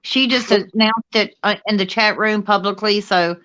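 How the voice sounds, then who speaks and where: Playful Southern woman, bright muffled voice. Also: medium pitch, normal speed, no echo. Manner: lively, playful, says y'all. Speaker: panelist. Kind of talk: casual group chat.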